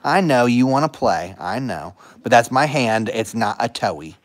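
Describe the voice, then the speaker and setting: A livestream host at home, swinging between chatty thanks to viewers and playful baby talk aimed at the dogs. The voice is mid-pitched and very animated, swooping up and down constantly. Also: a little slow. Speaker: live stream host. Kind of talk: casual livestream chat.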